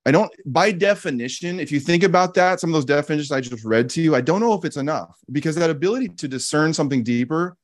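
Earnest guy musing out loud like a podcast host, kinda higher voice, dry close sound, keeps repeating key lines. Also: fast talker, hardly any pauses, dry recording. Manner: frequent restarts and casual fillers. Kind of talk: reflective teaching talk.

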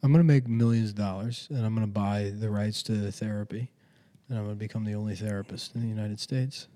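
A man's voice: fairly low pitch, fairly even intonation, quick pace, warm tone. A man co-hosting a casual comedy podcast, rambling through profane riffs. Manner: rambling, profane, riffing bits. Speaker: podcast co-host.

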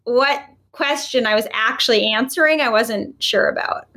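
Animated woman guest telling stories. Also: on the high side, moderate pace. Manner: animated, acts out quotes, laughs often. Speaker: podcast guest. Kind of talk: casual storytelling.

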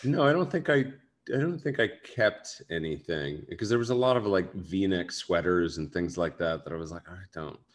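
A man's voice: deep voice, lively intonation, moderate pace, hardly any pauses. A man, an actor, chatting casually in an interview, rambling and self-deprecating with many fillers. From United States. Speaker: actor guest.

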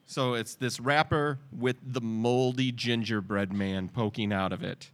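A man's voice: medium pitch, fairly even intonation, measured pace, hardly any pauses. A man co-hosting a casual chat about a TV episode, joking, laughing often and acting out lines in funny voices. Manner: jokey, laughs often, acts out quotes. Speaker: podcast co-host.

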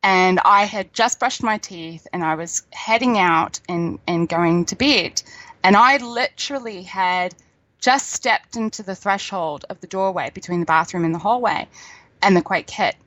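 A middle-aged woman talks in a loose, chatty way and laughs easily. Her voice sits at an ordinary pitch. The sound is dry, with no room echo. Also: a little slow, fairly bright tone, muffled recording. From New Zealand. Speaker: guest. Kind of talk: casual chat.

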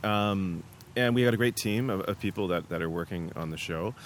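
A man interviewing a guest at an outdoor theatre venue, relaxed, asking short questions with "um" pauses. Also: sits low, slight background noise. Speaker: interviewer and show musician. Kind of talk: casual interview chat.

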